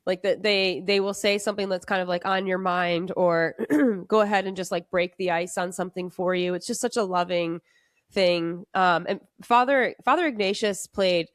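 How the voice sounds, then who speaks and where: A woman's voice: fairly low pitch, moderate pace, no echo, studio quality. A woman hosting a podcast, chatting in a rambling way with lots of fillers and restarts. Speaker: podcast host. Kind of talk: casual chat.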